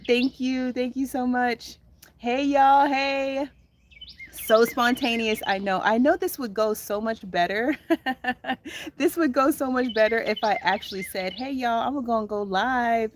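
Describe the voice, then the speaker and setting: A bubbly woman in her thirties chats live with viewers from her backyard garden, laughing often and greeting each newcomer. She talks into a phone outdoors at a medium pitch. Birds chirp faintly behind her. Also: slight background noise. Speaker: gardening livestream host. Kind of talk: spontaneous live chat with viewers.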